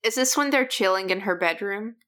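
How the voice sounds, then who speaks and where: A woman's voice: mid-range voice, fairly quick, fairly bright tone. A woman co-hosting a film podcast who chimes in with short, amused remarks. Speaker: podcast co-host. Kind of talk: casual movie recap chat.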